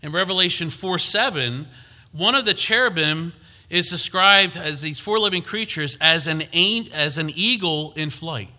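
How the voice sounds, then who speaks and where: Male preacher, very bright tone, emphatic teaching delivery with frequent restarts. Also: a little high, normal speed. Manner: emphatic, repeats himself with restarts and fillers. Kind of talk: sermon.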